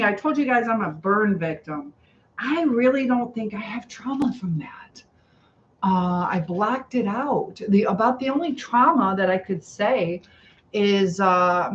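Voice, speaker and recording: A woman's voice: mid-range voice, fairly bright tone, highs cut off, slight background noise. A woman hosting a cooking livestream in her home kitchen, chatting casually and rambling to viewers while she cooks. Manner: chatty, rambling, greets viewers, laughs often.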